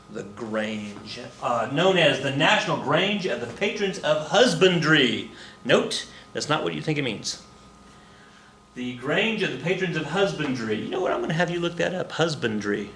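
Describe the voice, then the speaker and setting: A man's voice: medium pitch, fairly bright tone, reverberant, a little hiss or hum. A man teaching a casual recorded history lesson, rambling and jokey, muttering to himself and acting out the people he quotes.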